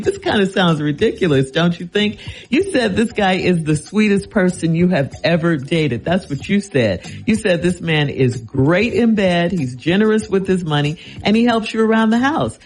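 Animated man giving radio advice. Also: sits high, poor audio. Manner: incredulous, teasing, animated. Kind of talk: reading a letter and giving advice.

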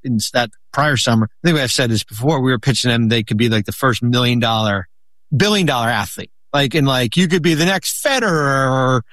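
A man telling long stories in a casual chat, rambling with many restarts and lively quoted lines. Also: medium pitch, fairly quick, dry recording. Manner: rambling, many restarts, animated when quoting. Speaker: guest, former basketball executive.

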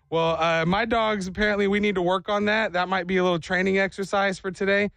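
A man hosting a radio show, chatting and joking with animated energy. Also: sits high, fast, vocal fry, no room sound. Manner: animated, joking, acts out voices. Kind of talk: morning radio banter.

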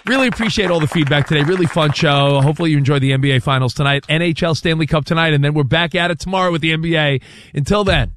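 A man hosting a sports talk show, chatting in an animated, rambling way. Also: a little high, very fast. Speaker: sports radio host.

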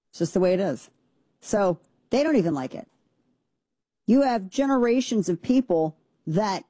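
A woman's voice: on the low side, dark tone, dry recording. A woman commentator giving a blunt, emphatic opinion monologue that rambles with restarts.

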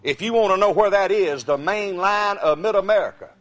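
A middle-aged man from Mississippi, telling a folksy comic story on stage and shouting his punchlines. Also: high voice, a little fast, soft background music. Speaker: comedian. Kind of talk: storytelling stand-up.

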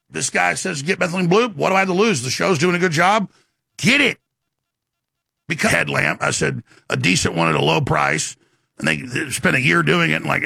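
A man hosting a talk show, delivering an emphatic rant and sales pitch with sudden swings in pitch. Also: creaky, pushed and bright, husky, no echo, studio quality.

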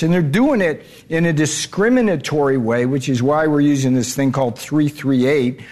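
A man answering interview questions as a trade adviser, blunt and emphatic, often repeating words as he restarts. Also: fairly high pitch.

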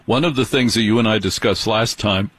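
A man's voice: on the low side, fairly quick, fairly bright tone, breathy edge, poor audio. A man hosting an interview, talking in an earnest, emphatic way. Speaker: podcast host. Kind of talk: casual interview chat.

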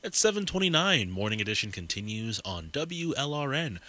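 A man hosting local radio, giving station announcements in an upbeat, crisp way. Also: mid-range voice, very animated, fairly quick, sharp tone, no room sound.

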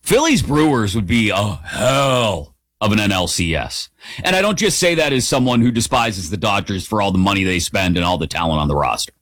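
A man hosting a sports radio show, talking through his opinions in an animated, conversational way. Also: on the low side, a little fast, dry recording, clean studio sound. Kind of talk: opinionated sports talk monologue. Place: radio studio.

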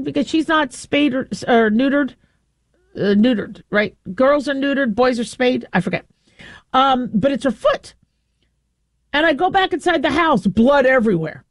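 A middle-aged woman host telling a long, rambling story in a casual, animated way, often stopping to correct herself. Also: high-pitched, measured pace, pauses often, no room sound. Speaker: show host.

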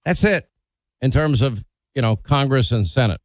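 A man's voice: medium pitch, expressive, moderate pace, no room sound. Blunt opinionated male radio host. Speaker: radio talk show host. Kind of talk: call-in radio talk.

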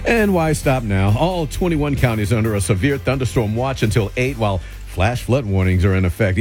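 A man anchors a radio newscast. He speaks in a low voice with steady, measured delivery, and faint music plays beneath him. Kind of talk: radio news reading.

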